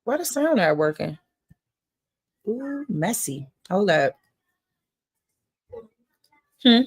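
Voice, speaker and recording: A loud woman hosts a casual online panel. She gives orders and talks in slang. Her voice has an ordinary middle pitch and comes over call audio. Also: very animated, extremely slow, husky. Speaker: livestream panel host. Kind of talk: casual livestream chat.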